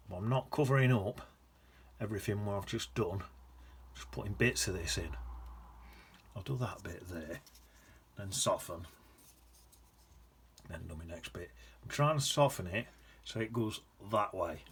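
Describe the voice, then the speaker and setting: A painting teacher leads a casual watercolour demonstration, chatty and rambling, muttering asides to himself as he works. His voice is deep and husky, with a slightly bright edge.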